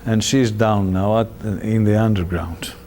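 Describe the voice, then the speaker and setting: Calm, matter-of-fact sun god, voice dropped low, by a male storyteller. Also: measured pace, slight background noise, close to an everyday voice.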